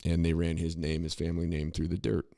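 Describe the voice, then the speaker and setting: A man's voice: low voice, monotone, fast, gravelly, dark tone, no echo, clean studio sound. A man co-hosting a podcast, talking in a rambling, opinionated way with many restarts and asides. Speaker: podcast co-host. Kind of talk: casual political commentary.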